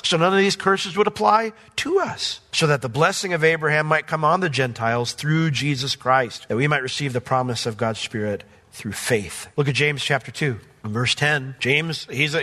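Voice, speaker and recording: A man delivers a sermon from a church, his fairly high voice bright and forceful. He climbs into emphatic bursts and then drops to soft, low asides. A long hall reverb trails each phrase. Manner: animated preaching, rising emphatic then dropping soft. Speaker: pastor. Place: church sanctuary.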